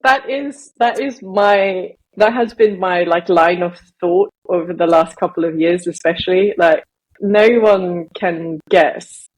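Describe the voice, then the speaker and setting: On a rough recording, a podcast co-host talks at a measured pace in a fairly low, slightly mellow voice. Raised in Malaysia, she has a Southern English accent and keeps the casual chat rambling and full of laughs.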